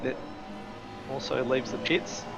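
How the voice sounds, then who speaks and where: A man calling the play-by-play of an online sim race in a lively way. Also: mid-range voice, takes it slowly, gravelly, dull audio, over loud music. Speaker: race commentator.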